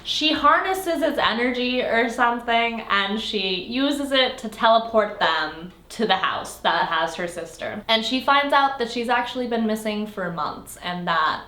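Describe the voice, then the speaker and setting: A woman's voice: fairly high pitch, lively intonation, measured pace, hardly any pauses, sharp tone. A young woman casually recapping a fantasy novel she reviews, sarcastic and exasperated, with lots of "like" fillers. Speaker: book reviewer. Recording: echoey room.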